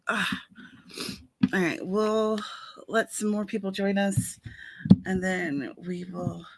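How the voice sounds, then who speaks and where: Greeting chat members by name, this author and livestream host talks casually during her writing session and mentions her eye won't stop watering. Her mid-range voice is gravelly with a breathy edge, recorded dry through a headset microphone.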